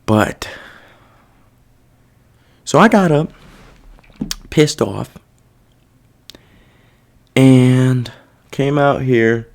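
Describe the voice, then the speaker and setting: A man's voice: medium pitch, very slow, gravelly, long pauses, a little mellow. A young man hosting a podcast, talking through his feelings in a rambling, self-reflective and heavily profane casual monologue. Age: young adult. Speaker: podcast host.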